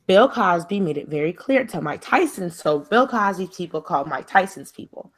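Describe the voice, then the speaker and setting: Chatting on a casual talk show she co-hosts, a young woman recounts a story with plenty of fillers. Her voice is on the low side with lively intonation, fairly quick, with few pauses.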